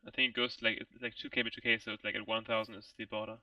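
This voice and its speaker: Man, very bright tone, dry close-less sound, distant from mic, casual gameplay chat, joking remarks. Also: on the low side, flat delivery, rapid-fire. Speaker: game player.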